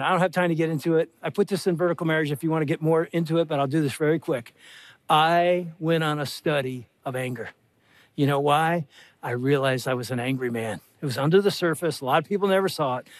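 An older man preaching a sermon in an animated way, acting out quoted dialogue with big jumps in his voice. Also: on the high side, quick pace, dry recording. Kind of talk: sermon to a live audience.

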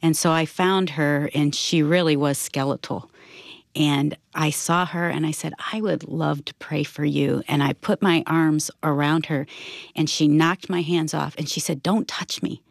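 Heartfelt woman telling a story, slight fry. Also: low voice, fairly even intonation, measured pace, no room sound, clean studio sound. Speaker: radio show co-host. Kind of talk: storytelling in conversation.

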